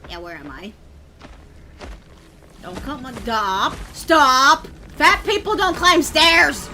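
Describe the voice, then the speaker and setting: A woman streaming a game, chatting along, muttering to herself and breaking into sudden yells. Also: high voice, expressive, slow, background noise. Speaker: vtuber streamer. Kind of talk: gameplay commentary.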